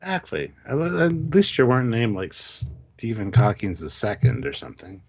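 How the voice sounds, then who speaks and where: A man in his fifties co-hosting a relaxed livestream. He talks in an animated, self-mocking way, his pitch leaping around, and he laughs easily. The audio is muffled and lo-fi. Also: normal speed, a crowd in the background. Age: 50s. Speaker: co-host. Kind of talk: casual livestream chat. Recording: dull lo-fi stream audio.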